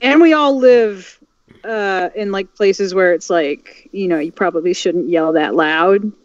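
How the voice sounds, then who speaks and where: A woman in casual livestream chat, halting and restarting as she makes her point, talking from home on an online call. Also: mid-range voice, dry recording. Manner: halting, many restarts and fillers. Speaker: dub group member. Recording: dull, dry lo-fi mic.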